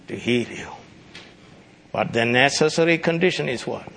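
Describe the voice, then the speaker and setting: Gravelly, bright-voiced male preacher. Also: animated, moderate pace, soft background music. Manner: preaching with sudden loud, high-pitched exclamations. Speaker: pastor. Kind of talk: sermon.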